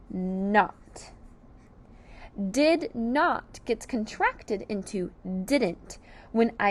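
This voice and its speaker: A woman teaching a slow, deliberate phonics and sight-word lesson for young children, sounding out each letter and syllable and praising the class. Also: a little high, a little mellow.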